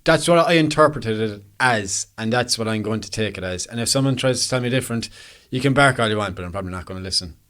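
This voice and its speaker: A man's voice: fairly low pitch, fast, fairly bright tone. An Irish man hosting a photography podcast, chatting casually and laughing easily, with plenty of Irish slang. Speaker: podcast host and professional photographer. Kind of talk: casual chat.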